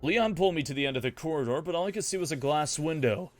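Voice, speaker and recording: Man playing a sarcastic young woman, lively pitch, slightly high, faint music behind. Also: quick pace, natural voice. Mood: snarky. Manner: sardonic, wry asides. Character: sarcastic young woman narrating her own rescue. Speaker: streamer. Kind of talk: comedic in-character narration.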